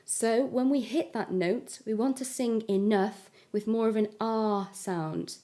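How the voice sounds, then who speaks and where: A woman's voice: on the high side, a little slow, dark tone. Woman singing teacher explaining vowels. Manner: clear step-by-step explanation. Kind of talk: vocal lesson with sung examples.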